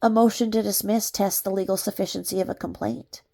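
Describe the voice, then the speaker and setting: Gravelly-voiced woman reading a legal filing. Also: medium pitch, steady tone, fairly quick, warm tone. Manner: reads legal citations, breaks off with sarcastic asides and laughs. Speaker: commentator reading a court filing. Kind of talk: reading aloud with commentary.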